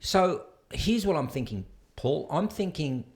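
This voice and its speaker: A man's voice: a little high, big pitch swings, measured pace. A man who works as a de-escalation coach, a guest in a casual discussion, telling anecdotes and asking probing questions. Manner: conversational, tells anecdotes and asks probing questions.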